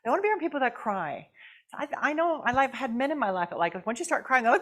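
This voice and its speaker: A woman guest speaker delivers a conversational sermon in a church. Her delivery is lively and animated, and she puts questions straight to the congregation. She drops into quick little voices when she quotes other people. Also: a little high. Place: church sanctuary.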